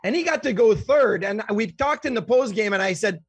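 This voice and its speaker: A man co-hosting a hockey podcast, firing off quick, chatty questions. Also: high-pitched, expressive, breathy edge, no room sound. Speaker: podcast co-host. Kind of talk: podcast interview.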